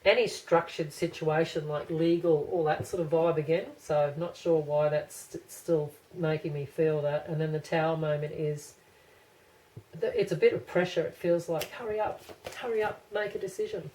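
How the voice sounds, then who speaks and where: Low-voiced chatty woman reading tarot. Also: fairly even intonation, normal speed, mellow, rough recording. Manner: rambling, chatty, thinks aloud with many restarts. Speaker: tarot card reader. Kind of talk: casual pick-a-card tarot reading.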